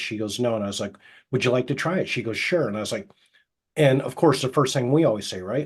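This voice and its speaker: Husky middle-aged man telling stories. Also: medium pitch. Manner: tells anecdotes by acting out quoted dialogue; drops to a soft, slow suggestion voice when quoting hypnosis. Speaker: hypnotist guest. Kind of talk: casual storytelling interview.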